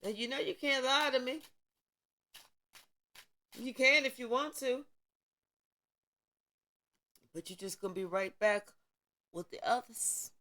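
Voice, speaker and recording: A woman with a slightly high, bright, pushed voice delivers a spiritual tarot reading slowly, leaving long pauses. Her manner is emphatic and preachy, full of repetition and profanity, like a tarot vlog crossed with a spiritual pep talk.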